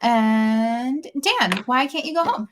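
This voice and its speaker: A prim teenage noble girl, pale and proper, voiced by a woman with bright, raised pitch. She keeps her words overly polite and her cheer forced. She speaks a little louder than her usual talk. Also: slow, noisy background. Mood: giddy.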